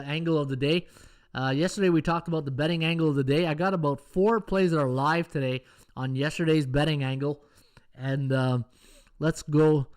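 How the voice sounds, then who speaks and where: A man's voice: a little high, clean tone. A middle-aged man, hosting a casual live-stream betting show, rambling and joking with chat viewers. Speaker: podcast host, sports handicapper.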